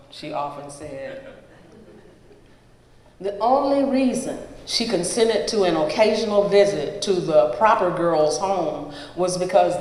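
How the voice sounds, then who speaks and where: Slow storyteller in an echoing hall. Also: medium pitch, darkish tone. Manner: slow, measured delivery with pauses between phrases. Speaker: storyteller reading a memoir aloud. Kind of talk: live reading of a personal story. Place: event hall at a live gathering. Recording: roomy hall with long reverb.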